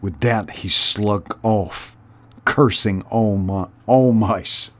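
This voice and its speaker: A man reading a children's novel aloud in an unhurried, deliberate way, as host of a storytime channel. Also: lowish voice.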